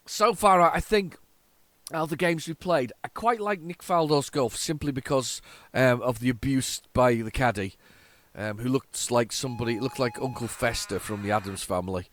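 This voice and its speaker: Loading old tapes on his retro gaming video, this man chats in a rambling way, full of restarts and waffle. His voice is medium-pitched and at normal speed, with a slightly bright sound.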